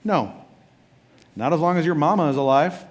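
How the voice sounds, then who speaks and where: A man's voice: fairly high pitch, moderate pace, close to an everyday voice. A man voicing a brash, ruthless young king in offhand modern slang, within a sermon retelling. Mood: blunt.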